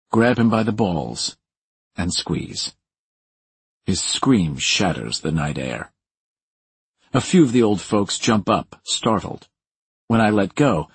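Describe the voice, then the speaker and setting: Male audiobook narrator, deep and raspy, dry wry delivery, lively intonation. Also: dry recording. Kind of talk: first-person thriller narration.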